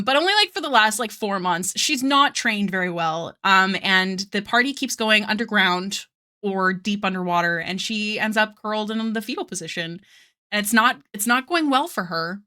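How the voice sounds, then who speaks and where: A woman with a medium-pitched, bright, forceful voice streams herself making art and chats casually with viewers while drawing. She rambles off on tangents, talks with her live audience in between, and fills it all with fillers and small giggles.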